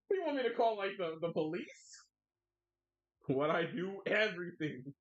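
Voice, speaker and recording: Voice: mid-range voice, sing-song, moderate pace. An adult streamer chatting casually while drawing, playfully whining and laughing a lot. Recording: dull lo-fi mic.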